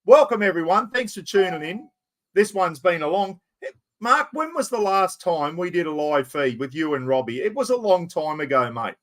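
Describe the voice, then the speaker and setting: An Australian man with a fairly high voice hosts a casual livestream. He chats easily and calls everyone mate, moving from one topic to the next. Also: very animated, normal speed, a bit bright. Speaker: host. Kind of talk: casual live-stream chat.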